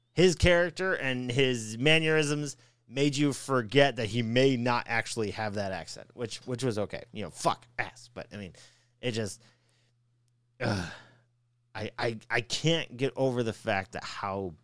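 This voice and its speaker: A man's voice: mid-range voice, a little slow, fairly bright tone, smooth, dry recording, clean studio sound. Profane ranting podcast guy. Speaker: podcast co-host. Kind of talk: casual podcast chat.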